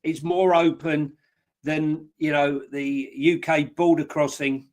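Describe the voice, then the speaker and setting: Male co-host, wisecracking pundit, slightly high voice, loose delivery. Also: little pitch movement, takes it slowly, darkish tone. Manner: jokey, rambling, with wisecracks. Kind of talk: casual football talk.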